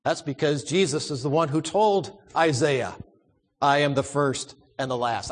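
A man's voice: on the high side, animated, slow, fairly bright tone, in a large hall. A man preaching a sermon, emphatic, repeating words and asking the congregation questions.

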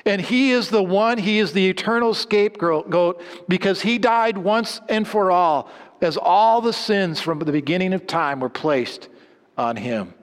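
Guy preaching a sermon, bit high voice, lots of long hall echo, goes loud then drops real quiet. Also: unhurried. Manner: dramatic swings between loud emphatic lines and low hushed endings.

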